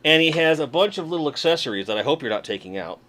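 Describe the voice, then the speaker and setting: A man's voice: fairly high pitch, animated, fast talker, fairly bright tone. Chatty man hosting a toy stream. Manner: chatty, joking, talks to viewers. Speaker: livestream host. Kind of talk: casual livestream chat while unboxing toys. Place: home room at a desk.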